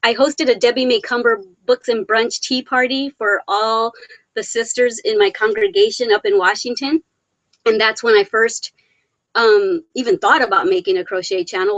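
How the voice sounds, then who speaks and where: A woman with a somewhat high voice hosts a casual live chat. She reads viewers' comments aloud, laughs often and gushes with affection, with a tired, emotionally worn edge underneath. The sound is dry and close, with no room echo. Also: fairly even intonation, moderate pace. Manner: affectionate and chatty. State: emotionally worn after a hard weekend. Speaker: live stream host.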